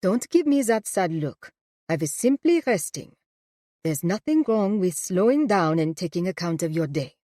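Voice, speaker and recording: A woman's voice: fairly low pitch, lively intonation, moderate pace, warm tone, no room sound, studio quality, close to an everyday voice. A woman doing a stubborn old German grandmother. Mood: brusque. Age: older. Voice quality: thick accent.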